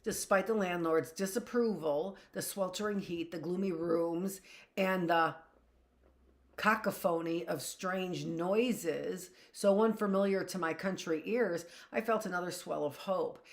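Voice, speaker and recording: A woman teacher reading a first-person novel aloud at a steady pace, with small slips and self-corrections and the odd brief aside. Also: fairly low pitch, a little slow.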